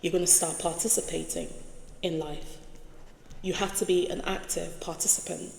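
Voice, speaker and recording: Woman, low-pitched, gravelly, emphatic casual reflection, roomy reverb, faint ambience. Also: fairly even intonation, darkish tone, a little hiss or hum. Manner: slow, emphatic, repeats key words, asks "right?". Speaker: spiritual reflection host. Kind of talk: casual spoken reflection while writing on a board. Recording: echoey room with long reverb.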